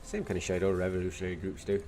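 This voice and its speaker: A man voicing a tough, blunt Irish woman in a video game, with a put-on Dublin accent carrying a Scottish lilt and a rough, salty way of talking. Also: low-pitched, level tone, rapid-fire, a little mellow, slight background noise. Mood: storytelling. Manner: gruff, salty, rough-spoken.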